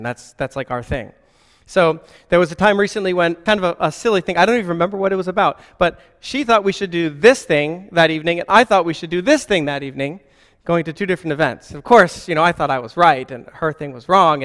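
A man with a fairly high voice gives a relaxed Christian teaching, often checking in with his listeners through rhetorical questions. His voice carries a long reverb tail. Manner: conversational, frequent rhetorical questions. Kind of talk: informal spoken teaching.

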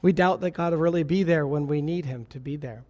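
Speaking a little mellow and on the high side at a fairly quick clip, this man leads a messianic Jewish congregation through an earnest teaching sermon. Quotations from Moses and God come out in a raised voice, and the hall's reverb lingers long.

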